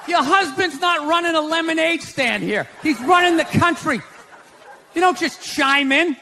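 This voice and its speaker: A man's voice: very high-pitched, normal speed, vocal fry. A man doing a stand-up comedy set, ranting and sarcastic with a lot of profanity, in front of a live audience. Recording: live show with loud crowd laughter and room noise.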